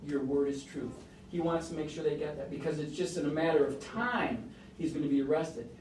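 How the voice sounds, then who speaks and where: A male pastor preaches a sermon, his slightly high voice climbing for emphasis and dropping to a hush. He sounds a little way from the mic, and the room adds a clear echo with faint ambient noise behind him. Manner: storytelling with emphatic rises and soft, hushed moments. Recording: roomy echo, mic at a distance.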